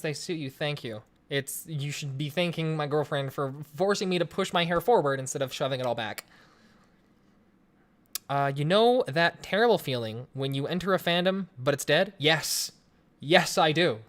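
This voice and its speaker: Streamer in their 20s from Colorado, casual chat Q&A at a home webcam; chatty, jokey, lots of restarts, very bouncy pitch. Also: lively intonation, moderate pace, fairly bright tone. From Colorado, USA. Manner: rambling, joking, chatty with frequent restarts. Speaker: livestream host. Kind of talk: casual livestream Q&A reading chat aloud. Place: home room, in front of a webcam. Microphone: desk microphone on a stream setup.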